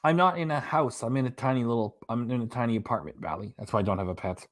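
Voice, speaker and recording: He talks fast in a medium-pitched voice, hosting a casual reaction livestream from his small apartment. Chatty and quick to chuckle, he reads viewer comments aloud one after another.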